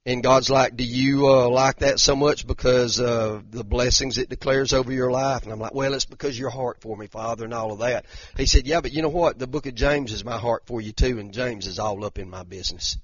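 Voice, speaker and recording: An older man, teaching a conversational sermon as a pastor in a folksy, animated way that rises to emphatic bursts. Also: mid-range voice, a little fast, few pauses, no echo, dull audio. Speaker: pastor teaching a Bible study.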